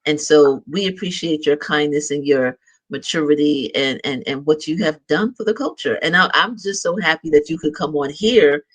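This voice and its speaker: Male interview host, slightly high voice, sincere and encouraging delivery. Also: normal speed, fairly bright tone. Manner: affirming, earnest. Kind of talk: interview chat.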